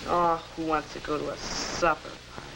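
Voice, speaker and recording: A man's voice: on the high side, flat delivery, normal speed, gravelly. An actor playing a sullen, evasive teenage boy in a 1950s educational film, heard through a noisy old soundtrack. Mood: sulky. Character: sulky teenage boy, reluctant.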